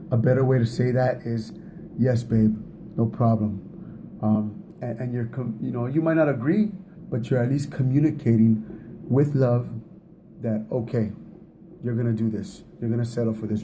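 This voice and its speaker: A man's voice: medium pitch, warm tone, a little hiss or hum. A man giving a casual talk on relationships, speaking in a conversational way, often repeating words and laughing at himself.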